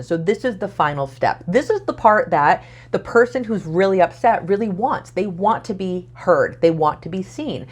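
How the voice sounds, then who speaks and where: A woman relationship coach giving calm, earnest advice straight to camera. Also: lowish voice. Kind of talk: direct-to-camera coaching talk.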